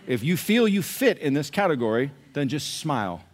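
Male pastor preaching with a lively, swooping delivery and a fairly high voice. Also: normal speed. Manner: animated, asks the congregation questions. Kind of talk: sermon.

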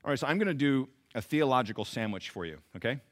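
A man preaching a sermon in a church, animated, swinging from loud emphasis to quiet asides. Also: mid-range voice, quick pace. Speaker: pastor.

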